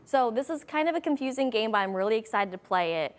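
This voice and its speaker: A woman's voice: a little high, animated, fast talker. A woman hosting a casual chat show with her weather colleagues. She sounds upbeat, laughs often and keeps the conversation moving. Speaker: host, TV weather team member.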